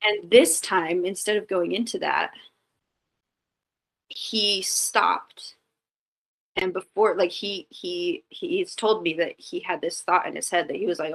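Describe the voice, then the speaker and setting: Woman guest on a chat show, slightly low voice, chatty and candid, heavy on "like" fillers. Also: slow, creaky, poor audio. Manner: chatty, full of "like" fillers and restarts; candid and reflective. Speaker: podcast guest. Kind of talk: casual storytelling in an interview.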